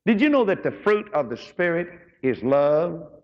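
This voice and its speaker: A man preaching a folksy sermon as pastor, rising high and slow when he quotes scripture. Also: very animated. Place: church auditorium. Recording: dull recording in a large reverberant hall.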